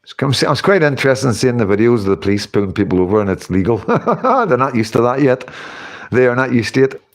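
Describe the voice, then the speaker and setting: A man's voice: medium pitch, fast talker. A man, hosting a casual livestream, rambling and chatting as he reads out comments, often breaking into laughter. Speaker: livestream host reading chat.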